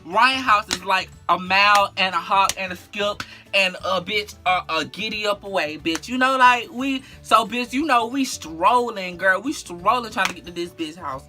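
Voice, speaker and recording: A vlogger telling a story casually in an animated, slangy, profane way, full of fillers and asides to the viewer. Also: mid-range voice, normal speed, faint music behind.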